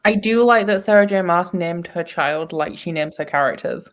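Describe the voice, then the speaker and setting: A woman's voice: fairly low pitch, moderate pace. A woman with a British accent, co-hosting in a chatty, laughing group chat over a video call. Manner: chatty, laughs often, plays with pronunciations. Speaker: readathon co-host. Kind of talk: casual chat.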